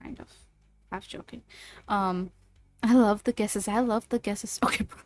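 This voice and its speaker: A woman's voice: mid-range voice, fairly even intonation, unhurried, a little mellow, no room sound. A woman chatting casually with her livestream viewers in a playful, teasing way. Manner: playful, teasing, lots of laughs.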